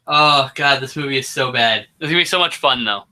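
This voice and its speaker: A man's voice: mid-range voice, normal speed, sharp tone. A man co-hosting a casual movie review podcast, joking, swearing and talking animatedly. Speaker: podcast co-host.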